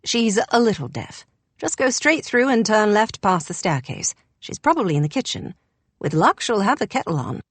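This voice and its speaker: A woman's voice: mid-range voice, big pitch swings, moderate pace, breathy edge, no room sound. A woman voicing a young man with a dry, wry way of talking. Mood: apologetic.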